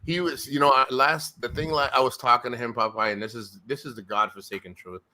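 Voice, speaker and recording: A man's voice: mid-range voice, fairly even intonation, brisk, pushed and bright, a little hiss or hum. A man hosting a live stream, talking casually and emotionally, rambling and retelling what others said. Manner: rambling, restarts a lot, retells quotes.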